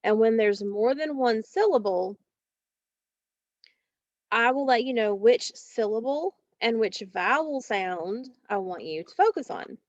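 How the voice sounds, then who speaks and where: Slow, careful woman teaching phonics. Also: on the high side, animated, a little mellow, dry recording. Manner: slow, careful, drawn-out word modeling. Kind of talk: recorded phonics lesson for children. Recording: dull, dry, lo-fi home recording.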